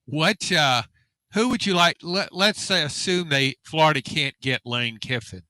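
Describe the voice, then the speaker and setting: Dry-witted radio co-host, bright tone. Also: male voice, on the high side, animated, measured pace, no room sound. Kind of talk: casual sports radio banter.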